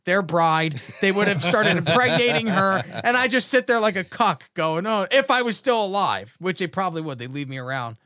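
A man's voice: sits high, animated, fairly quick, hardly any pauses, pushed and bright. A man in his thirties telling rambling comic stories as a podcast host, joking and laughing often. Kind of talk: casual comedic storytelling.

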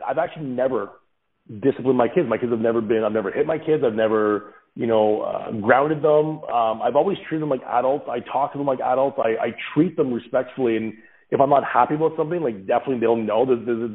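An earnest man answers interview questions at a steady middle pitch. He talks through his ideas with down-to-earth examples. His voice comes through thin and tinny, like a phone line. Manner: earnest, reflective, explains with examples. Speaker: podcast guest, father of several kids.

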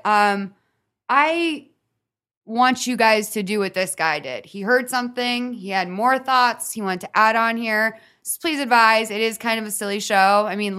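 A woman's voice: medium pitch, sharp tone. A woman hosting a podcast, joking and riffing in casual banter with her co-host. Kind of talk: casual chat.

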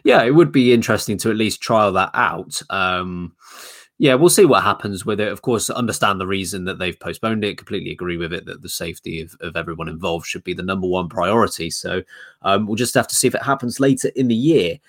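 Low-voiced man chatting on a podcast. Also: a little fast, a bit bright. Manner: thinks aloud with frequent ums and restarts. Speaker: podcast co-host. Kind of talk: casual podcast chat.

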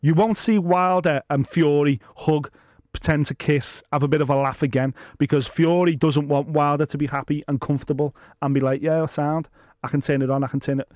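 A man co-hosting a boxing podcast, talking fast and sweary, acting out little scenes in funny voices. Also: fairly high pitch, steady tone, a little mellow, no echo, clean studio sound. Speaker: podcast co-host. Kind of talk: casual boxing chat.

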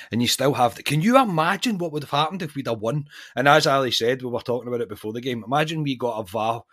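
A Scottish man hosting a casual podcast chat, talking in an animated, exasperated way. He restarts his sentences often while he builds up his opinions. His pitch sits at an ordinary middle height. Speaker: podcast host.

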